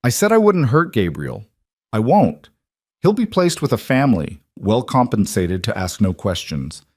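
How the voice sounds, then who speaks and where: A cold crime boss, voiced by a man, in a dry, close recording. He speaks low and measured, every word a quiet threat in a dark audio drama. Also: very animated, husky, no echo. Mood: cold menace. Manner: measured, menacing.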